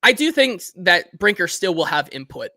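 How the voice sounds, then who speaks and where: A man hosting a sports talk show, chatting casually and reading out listener comments with animated energy. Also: sits high, normal speed, dry recording, studio quality. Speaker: host.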